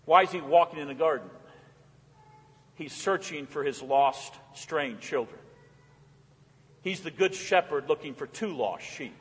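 A male pastor preaching with a high, ringing voice that swings from forceful calls to near-whispered pleas. His words hang in a long church reverb. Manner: impassioned, swinging from loud calls to hushed pleas. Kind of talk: sermon.

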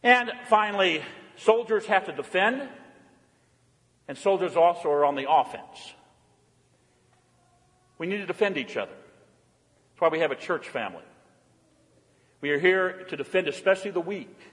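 A man preaching a sermon as pastor, emphatic and repetitive, often dropping to a quiet, intense delivery. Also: sits high, expressive, normal speed, pauses often, long reverb tail.

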